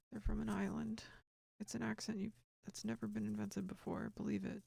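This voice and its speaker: Gravelly, husky woman muttering to herself. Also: a little high, level tone, normal speed, few pauses, warm tone, no echo. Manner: rambling, muttering and whispering to herself. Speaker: streamer working on stream. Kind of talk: casual livestream monologue.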